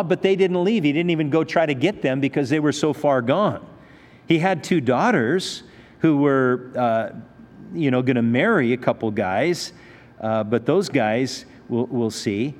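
A male pastor teaching a sermon in a conversational way, posing rhetorical questions to his listeners. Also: a little high. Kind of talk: expository sermon. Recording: reverberant hall.

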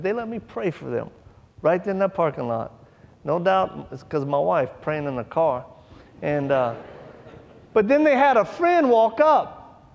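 In a big-sounding room, a man with a slightly high, creaky voice preaches a sermon and tells a story folksily. Animated and drawling, he speaks informally and acts out the voices of the story's people.

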